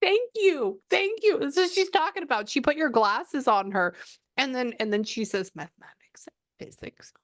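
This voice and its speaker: A woman's voice: sits high, animated, moderate pace, dry recording. Woman psychic doing a reading, keeps saying hold on and relaying stuff, dry close sound. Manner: breaks off to listen, relays quotes. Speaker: psychic medium. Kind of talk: psychic reading session, casual chat.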